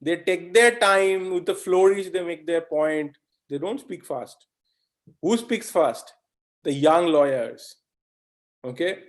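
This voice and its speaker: A man from India teaching a live online lecture in a conversational way, often checking in with "okay?" and asking the audience questions. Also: high voice. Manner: animated, mimics fast talkers in asides. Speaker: webinar instructor.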